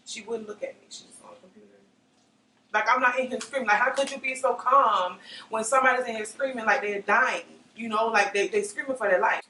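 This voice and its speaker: A woman's voice: fairly high pitch, fairly quick, pushed and bright. Woman recounting, roomy distant mic. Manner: emotional, vivid, often acts out what others said. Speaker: interviewee. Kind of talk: personal testimony. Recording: roomy, slightly distant mic with faint noise.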